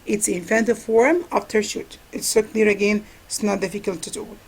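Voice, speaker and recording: A woman's voice: medium pitch, steady tone, fairly quick, slightly rough, poor audio. A woman whose first language is Arabic, teaching an English grammar review lesson and answering her own questions. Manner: asks questions and answers them herself, repeats key words.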